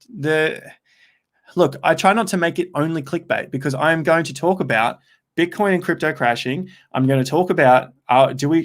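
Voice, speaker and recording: A young man hosting a casual livestream, chatting straight to his viewers and reading out their comments in an upbeat, rambling way. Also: a little high. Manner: chatty and rambling, with frequent restarts. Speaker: crypto livestream host.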